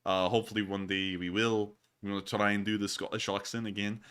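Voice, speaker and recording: Bright-voiced male livestream host. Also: on the low side, level tone, a little fast, smooth. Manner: rambling, many filler sounds. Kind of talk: casual livestream chat.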